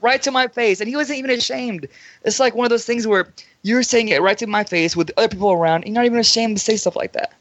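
A man's voice: sits high, fast talker, dry recording, dull audio. A man on a podcast, telling stories with animation and acting out what others said in casual chat. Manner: animated storytelling, acts out quotes.

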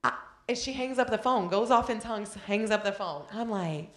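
A woman's voice: medium pitch, expressive, fairly bright tone. Impassioned woman preaching in an echoey room. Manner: impassioned storytelling, drawn-out phrases. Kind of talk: sermon.

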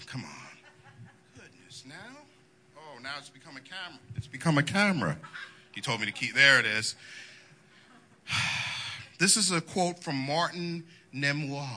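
A man's voice: mid-range voice, sharp tone. A male pastor preaching a sermon in a folksy, colloquial way, wandering into asides.

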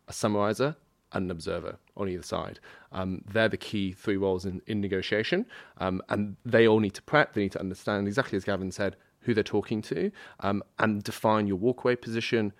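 A man's voice: on the low side, dry recording. A man speaking as a panel guest in a business discussion, enthusiastic and emphatic, with frequent ums and restarts.

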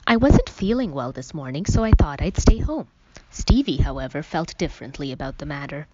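A woman's voice: deep voice, very animated, a little fast, background noise. A woman reading a first-person story aloud in a wry, conversational way. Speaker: audiobook narrator. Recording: dull, dry lo-fi recording.

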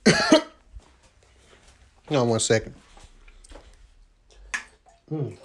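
A man of ordinary pitch tells a long, meandering story in loose slang, swearing freely and stacking up fillers as he goes. He records without a proper microphone. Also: wildly swooping pitch, drawn-out words. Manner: profane, loose slangy talk with many fillers. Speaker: vlogger recounting his job search. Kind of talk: casual rambling storytelling.

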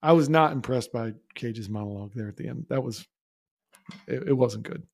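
A man's voice: medium pitch, brisk, creaky. A man co-hosting a podcast, talking through a film in a casual, opinionated way and laughing often. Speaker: podcast co-host. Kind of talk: casual movie discussion.

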